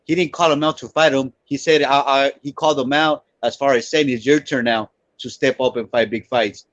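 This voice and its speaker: A man argues on a live boxing panel, mid-pitched and insistent, often repeating words as he pushes his point. His audio comes through dry and slightly dull, like an online call. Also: fairly even intonation, fairly quick, dry recording. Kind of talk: heated live sports talk.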